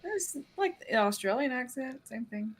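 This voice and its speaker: Lively woman laughing through a podcast chat. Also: high voice, normal speed, slightly rough. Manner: laughs often, teasing. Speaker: podcast co-host. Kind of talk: casual comedic chat.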